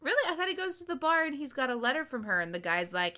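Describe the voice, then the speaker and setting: A woman co-hosting a podcast in casual chat, expressive and talkative, with sighs and groans. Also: a little high, brisk, hardly any pauses. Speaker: podcast co-host recapping a TV episode.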